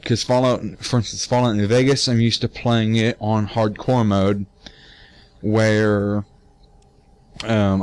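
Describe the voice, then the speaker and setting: A teenage man giving casual gameplay commentary, tired, rambling with many fillers and restarts and casual swearing. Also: fairly low pitch. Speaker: let's play gamer.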